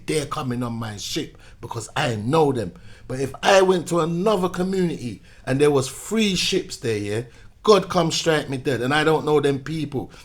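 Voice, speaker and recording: Man, lecturing rant with rhetorical checks, mid-pitched voice. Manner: preachy, repetitive, rhetorical "yeah?" checks. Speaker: commentator. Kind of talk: opinion monologue to camera.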